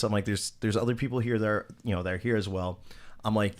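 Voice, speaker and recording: A man's voice: on the low side, fast talker. A man hosting a podcast, telling stories in casual chat with lots of swearing and acted-out quotes. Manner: profane, animated, acts out quoted voices. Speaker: podcast host.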